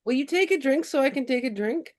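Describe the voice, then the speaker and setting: A woman with a fairly high voice co-hosts a relaxed chat. She jumps in with playful, quick reactions and teasing asides. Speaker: podcast co-host. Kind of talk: casual chat.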